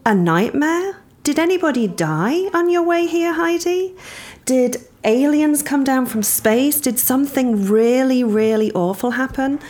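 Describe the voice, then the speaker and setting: A woman's voice: high-pitched, lively intonation, measured pace, a little mellow, voice pushed up. A woman voicing her blunt therapist friend, quoting her in a mock-dramatic, sarcastic way. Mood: teasing.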